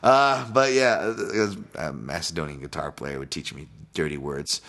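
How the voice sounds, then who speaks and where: A deep-voiced man talks casually into the mic, hosting his own podcast. He rambles from point to point, drops curses freely and chuckles at his own jokes. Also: moderate pace, gravelly, a bit bright. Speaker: podcast host and fight analyst. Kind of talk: casual solo podcast breakdown.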